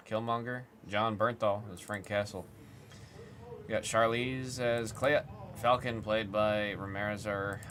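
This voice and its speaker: A man's voice: fairly low pitch, a bit bright, a little hiss or hum. A man hosting a trading card break livestream, chatting casually and reading off lists as he works his computer. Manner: chatty, reads off lists while working the computer.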